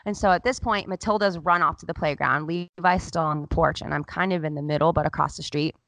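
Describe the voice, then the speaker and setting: Low-voiced mom telling a story candidly. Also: female voice, a little fast, fairly bright tone, dry recording. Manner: candid, emotional, heavy use of "like". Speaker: podcast host. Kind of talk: casual storytelling chat.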